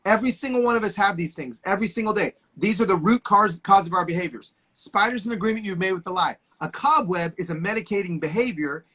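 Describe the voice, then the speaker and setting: A man's voice: high voice, quick pace, few pauses, sharp tone, breathy edge. A man in his forties, a guest on a video call, telling stories with passionate, preacher-like energy. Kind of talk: casual conversation.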